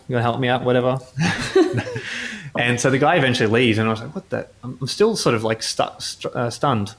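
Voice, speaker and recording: A man, a journalist telling casual anecdotes in an interview, rambling with many restarts. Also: lowish voice. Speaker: motorsport journalist.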